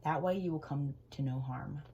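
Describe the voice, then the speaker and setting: A woman reading aloud, voicing a caring mother giving gentle, careful instructions to her little girl. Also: sits low, normal speed, breathy edge. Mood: cautioning.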